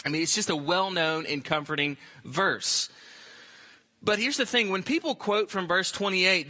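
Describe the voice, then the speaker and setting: A man's voice: sits high, bright, forceful tone. A man preaching a sermon as pastor, speaking emphatically and repeating phrases for stress.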